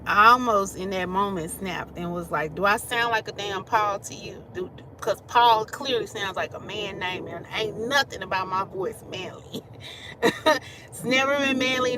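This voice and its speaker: A woman's voice: mid-range voice, noisy background. A woman doing a casual tarot reading, talking loosely and laughing often as she goes. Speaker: tarot reader.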